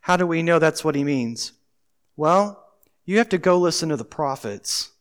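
A man preaching a sermon as pastor, emphatic and full of rhetorical questions, swinging from loud declarations to hushed asides. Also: fairly high pitch, expressive, moderate pace, smooth. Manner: talks to the congregation with rhetorical questions.

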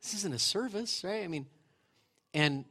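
A middle-aged male pastor giving a sermon in a church, retelling scripture as lively storytelling and asking the congregation questions. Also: high voice, unhurried, slightly rough. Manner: conversational, asks the congregation questions. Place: church sanctuary.

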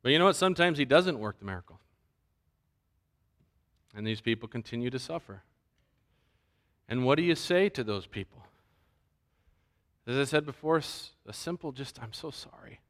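A man pastor preaching a sermon, animated and acting out the voices he quotes. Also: mid-range voice, normal speed, pauses often.

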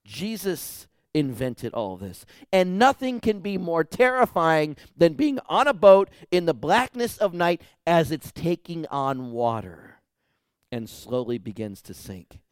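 A male pastor preaching a sermon in animated storytelling, acting out dialogue and swinging from loud to hushed. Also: on the high side, a little slow, clear, resonant tone, no echo, studio quality.

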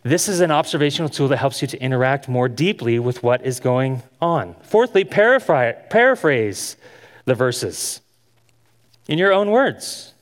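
A man's voice: mid-range voice, big pitch swings, measured pace. A man giving an instructional sermon, earnest and asking his listeners many questions as he teaches. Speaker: Bible teacher. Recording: long hall reverb.

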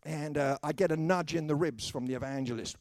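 A British man with a fairly high, darkish voice speaks a little fast, with no room sound in the recording. In British English he delivers a humorous sermon built on acted anecdotes, voicing the people in his stories with dry, self-mocking wit.

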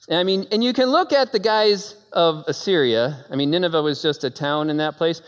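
A man preaching a sermon with animated storytelling and dramatic pauses, recorded in a church hall. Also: fairly high pitch, smooth.

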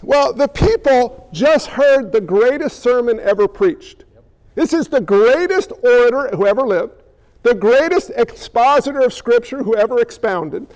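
A male preacher with a strikingly high voice, delivering an animated sermon full of pointed rhetorical questions. His voice rings out with a long reverb from a large hall. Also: normal speed.

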